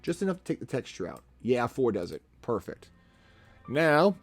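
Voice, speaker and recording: A man's voice: medium pitch, sing-song, normal speed, soft background music. A man chatting casually on a live stream as he edits photos and talks himself through each step.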